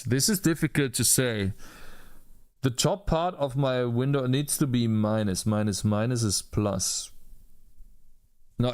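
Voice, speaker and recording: A man's voice: medium pitch, clean tone, dry recording, clean studio sound. A young man coding a game while talking to himself, muttering through problems and breaking into frustrated, swearing outbursts. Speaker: indie game developer. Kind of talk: live coding commentary.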